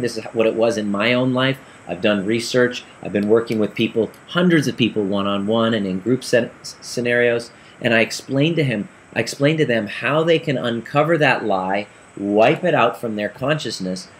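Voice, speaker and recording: An earnest man recounts a session with clients and plays out their exchange with feeling. His voice sits at an ordinary middle pitch. A faint background noise runs under the recording. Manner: earnest, animated storytelling with quoted dialogue. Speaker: practitioner telling a client story. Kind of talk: storytelling talk.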